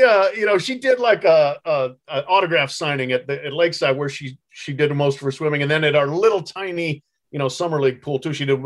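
A middle-aged man, a guest sportswriter, chatting easily in an interview, laughing often and telling stories fondly. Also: on the high side. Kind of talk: casual interview chat.

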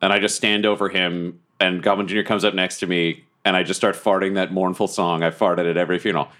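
A man's voice: sits low, level tone, fast, a bit bright. A man playing in a tabletop role-playing game, rambling and laughing as he narrates his character's actions. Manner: giggly, rambling, bursts into character voices. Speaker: player. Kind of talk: tabletop role-play, casual chat.

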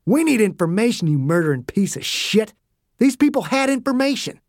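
A man voicing a gruff, terse older male agent who swears when angry. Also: on the high side, lively intonation, a little slow, dry recording, clean studio sound.

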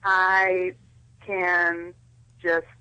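A woman calling in to a radio talk show, heard over a phone line. She speaks slowly and haltingly. Her voice is bright and dry. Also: fairly low pitch, monotone, clean tone, no room sound. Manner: hesitant, halting. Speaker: caller. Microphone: telephone.

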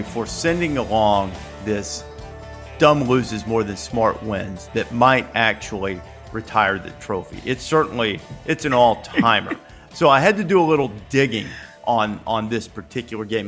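A man hosting a sports podcast, chatting casually and telling stories with playful, building energy. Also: medium pitch. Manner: playful, rising into animated storytelling. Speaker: podcast host.

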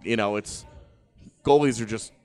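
A man co-hosting a sports podcast, chatting casually with dry, deadpan jokes. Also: on the low side, normal speed, clear, resonant tone, soft background music. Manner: dry, joking, deadpan asides. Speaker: podcast co-host.

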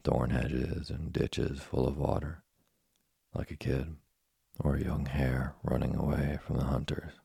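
A man narrating a classic tale as a sleep story reading, with a slow, soothing, even delivery. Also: very deep voice, vocal fry, slightly rough, no echo, clean studio sound.

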